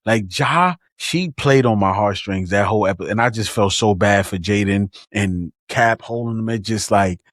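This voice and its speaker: Expressive male podcast co-host, dry close sound. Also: on the low side, moderate pace, few pauses, dry recording. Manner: expressive storyteller, acts out his own reactions. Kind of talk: casual book discussion.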